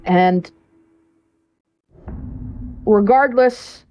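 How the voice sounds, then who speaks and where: A woman's voice: medium pitch, lively intonation, slow pace, pauses often, mellow, no room sound, poor audio. A woman casting a live esports match, talking through the play in a chatty, casual way with frequent fillers. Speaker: esports caster.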